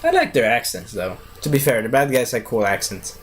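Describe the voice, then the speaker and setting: A man's voice: medium pitch, a little fast, slight background noise. A young man reviewing a cartoon series in a loose, chatty, digressive way. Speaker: video reviewer. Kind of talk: casual rambling review.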